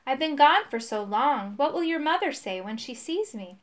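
A woman doing a quiet remorseful father. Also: high voice, animated, normal speed. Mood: wistful. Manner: quiet, sad. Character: nervous, remorseful father, adult man. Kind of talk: storybook reading.

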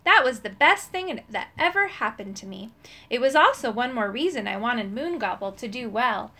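A woman narrating a children's storybook in an expressive, storytelling manner. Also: a little high, moderate pace. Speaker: audiobook narrator.

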